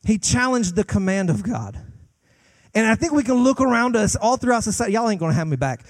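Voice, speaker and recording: A man, a guest pastor, preaching a sermon with passion, climbing to loud peaks and dropping to hushed lines. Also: high voice, very animated, a little fast.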